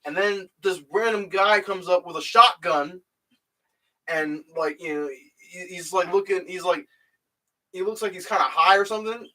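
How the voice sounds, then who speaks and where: Bright high-voiced young man, rambling. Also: moderate pace, far from the mic. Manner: rambling, full of "like" and "you know". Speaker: YouTube host. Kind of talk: casual chat, retelling a video. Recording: voice a bit off the mic.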